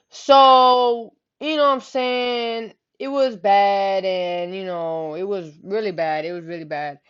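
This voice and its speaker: A woman's voice: medium pitch, a little slow, clear, resonant tone. A woman telling a story in casual, rambling talk, full of slang and swearing, often tossing in "you know what I'm saying.". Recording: slightly muffled lo-fi recording.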